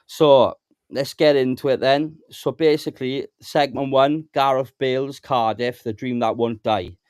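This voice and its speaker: A man's voice: mid-range voice, steady tone, a little slow, a little mellow, smooth, dry recording, clean studio sound. A man hosting a casual live fan podcast, chatty and matey with his panel. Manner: chatty, addresses the panel as mates. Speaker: host.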